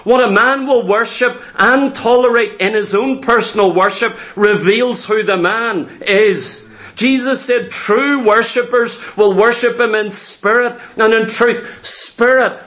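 A man's voice: very high voice, a bit bright. A man preaching a sermon, emphatic and repetitive, acting out little scenes as he goes.

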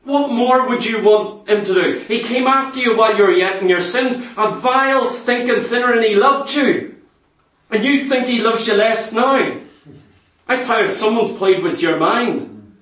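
A man's voice: very high voice, normal speed, a bit bright. A man preaching a sermon, pressing the congregation with emphatic rhetorical questions. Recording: echoey hall, mic far off.

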